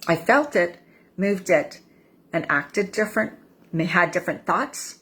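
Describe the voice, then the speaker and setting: A woman's voice: on the low side, lively intonation, a little slow, a bit bright. A woman in her fifties speaking as a life coach, sharing a personal reflection in a candid, conversational way. She repeats phrases and acts out her own inner voice. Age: 50s. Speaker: life coach for women over 50.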